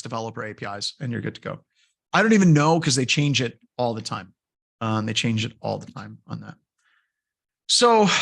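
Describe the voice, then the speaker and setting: The speaker is a middle-aged man teaching a security course, whose voice is medium in pitch with a fairly bright tone. Between points he tells a loose anecdote, casual and wandering, packed with fillers, as part of his lecture.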